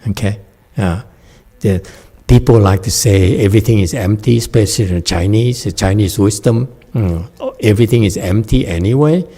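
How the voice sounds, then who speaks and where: A man's voice: on the low side, normal speed, few pauses, warm tone. A man giving a meditation dharma talk and answering questions. He laughs often and keeps checking in with "okay?". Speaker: Chan meditation teacher.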